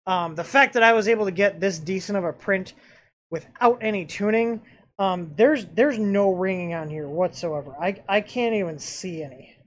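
A man's voice: sits high, moderate pace. A man hosting a casual live-stream review of a 3D printer, talking in a rambling way with lots of "um"s and restarts. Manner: rambling, filler-heavy, frequent restarts. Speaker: channel host reviewing a 3D printer.

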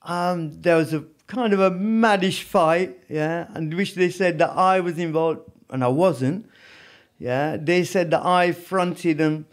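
A man with a high voice tells his story as a podcast guest. He talks in an animated, casual way and keeps checking in with his listener. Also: slow. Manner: animated, peppered with "you know what I mean". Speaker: podcast guest, former prisoner.

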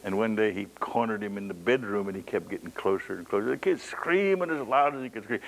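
A man's voice: fairly low pitch, expressive, fast talker, hardly any pauses, low-quality recording. A man preaching a sermon, telling stories dramatically and reading scripture aloud, his voice rising for emphasis. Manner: dramatic storytelling, voice rises for emphasis; reads scripture in old King James wording.

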